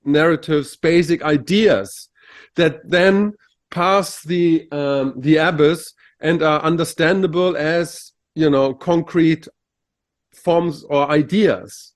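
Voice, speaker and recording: A man's voice: on the high side, fairly even intonation, takes it slowly. Searching, filler-heavy male co-host. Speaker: podcast co-host. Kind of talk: casual philosophical conversation.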